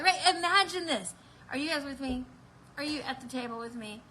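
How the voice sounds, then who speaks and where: A high-pitched woman speaks at a moderate pace with a sharp tone, recorded roughly with slight background noise. She hosts a live online prayer meeting, bubbly and laughing as she preaches and addresses her viewers directly in excited livestream preaching and chat.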